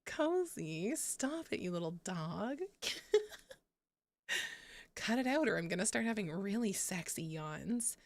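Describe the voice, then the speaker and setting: A woman's voice: mid-range voice, lively intonation, takes it slowly, pauses often, no room sound. A young woman hosting a gaming livestream, chatting casually with viewers, giggling and swearing freely. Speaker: livestream host. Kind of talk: casual gaming stream chat.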